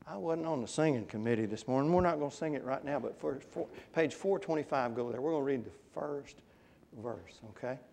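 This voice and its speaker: A man's voice: medium pitch, a little fast, creaky, a little mellow, in a large hall, a little hiss or hum. A man preaching a conversational sermon, often putting questions to his congregation. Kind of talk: interactive Bible class sermon. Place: church.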